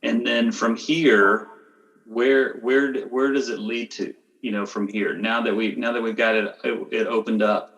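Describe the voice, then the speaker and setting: A man's voice: mid-range voice, fairly even intonation, unhurried, fairly bright tone, low-quality recording. A man hosting a podcast interview, summing up and asking questions with frequent hesitations. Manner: hesitant, many fillers and restarts. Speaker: podcast host, chiropractor.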